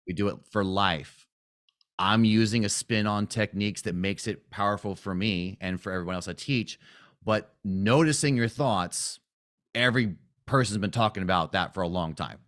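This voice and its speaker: A man coaching a group, casually retelling a client's story, animated, often asking "right?". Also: low-pitched. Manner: animated retelling, acts out quotes, frequent "right?". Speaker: spiritual coach.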